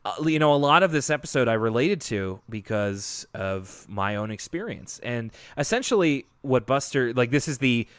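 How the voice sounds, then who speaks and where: A man co-hosting a podcast in casual, animated chat, laughing often and doing playful voices when he quotes. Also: medium pitch, moderate pace, hardly any pauses, smooth, dry recording. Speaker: podcast co-host.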